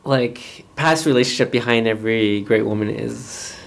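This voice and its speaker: Guy on a podcast as a guest, keeps teasing the host and firing off quick questions, laughing along. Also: mid-range voice, steady tone, creaky, very noisy. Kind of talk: casual chat.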